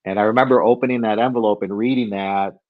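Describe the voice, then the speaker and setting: A man's voice: lowish voice, fairly even intonation, fast, no room sound, narrow, tinny audio. A man in his fifties, a guest from the Chicago area, telling a personal story with many restarts and laughing at himself.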